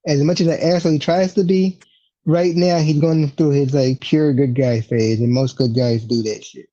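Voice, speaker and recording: A man co-hosting a casual podcast, talking in a relaxed, questioning way with lots of fillers. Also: on the high side, normal speed. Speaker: podcast co-host. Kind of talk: casual chat. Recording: dull lo-fi audio.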